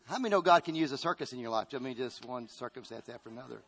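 A middle-aged man pastor preaching a sermon, calling out to his congregation and rising to loud, emphatic bursts. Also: medium pitch, animated, very fast, vocal fry, slightly rough.

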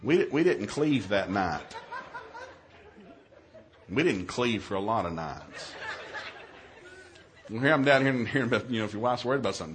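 A man who is a minister, telling a humorous story in a sermon, acting out his own yelled lines in a raised voice. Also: a little fast, long pauses, a faint crowd, a little hiss or hum. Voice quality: animated, shifts to high yelling quotes.

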